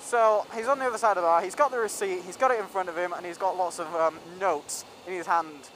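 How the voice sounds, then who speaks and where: A man's voice: sits high, steady tone, quick pace, fairly bright tone, slight background noise, low-quality recording. Rambling young man on a ride. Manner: rambling, with many ums and restarts. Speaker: vlogger. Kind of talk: casual storytelling vlog.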